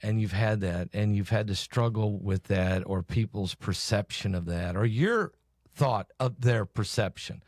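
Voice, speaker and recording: A man's voice: fairly low pitch, a little slow, darkish tone, dry recording, studio quality. A man hosting a podcast in a casual, supportive way, with many short agreements. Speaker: podcast host. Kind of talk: casual interview chat. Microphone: podcast studio mic.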